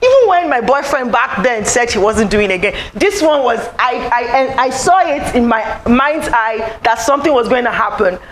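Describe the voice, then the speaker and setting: A woman giving an animated, personal inspirational talk to a live audience, acting out what others said to her. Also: normal speed, hardly any pauses, slight background noise, poor audio. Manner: animated, acts out quoted voices, rising to high exclaims. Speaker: motivational speaker. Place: event room.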